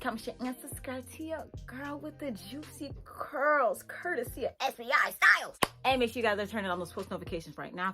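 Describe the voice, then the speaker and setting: A woman hosts a casual vlog, reviewing hair products in a playful, exclamatory way. Her voice sits fairly high and swings widely up and down as she talks. She often repeats words for emphasis. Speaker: hair vlogger.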